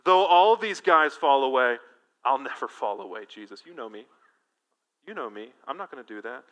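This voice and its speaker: A man's voice: medium pitch, expressive, normal speed, a bit bright, close to an everyday voice, poor audio. A man voicing an impulsive, overconfident male disciple who makes eager, brash reassurances. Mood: earnest.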